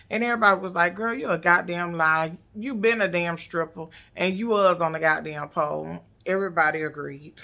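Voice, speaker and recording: Vlogger woman, gravelly low voice, loud profane sass, quick retorts. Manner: profane, sassy, animated storytelling. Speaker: YouTube recap host. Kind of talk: casual reality TV recap.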